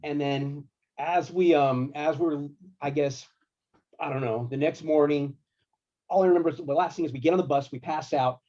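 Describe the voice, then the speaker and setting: A man working as a guitar tech, telling tour stories in a casual, slangy, animated way. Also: on the high side, normal speed, highs cut off. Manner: animated, laid-back, slangy. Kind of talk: casual storytelling.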